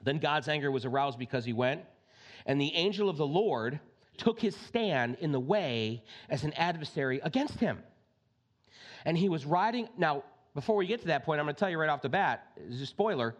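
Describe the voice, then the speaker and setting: A male pastor preaching a conversational sermon, reading scripture and breaking into lively asides. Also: a little high, normal speed.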